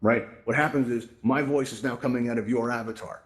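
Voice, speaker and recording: A man hosts a casual virtual-reality help session, moving quickly from point to point. His voice sits at a middle pitch and he keeps checking in with "right?" and "you know". He speaks into a headset microphone. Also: steady tone. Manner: chatty, tags lines with "right?" and "you know". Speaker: host presenting a VR tutorial event. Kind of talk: casual spoken presentation.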